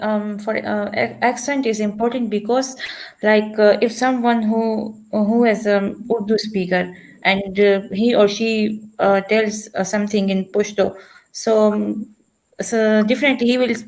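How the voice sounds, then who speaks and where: A woman's voice: mid-range voice, fairly even intonation, measured pace, darkish tone, poor audio. A woman answering a question in an online class, hesitant and full of fillers. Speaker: class participant.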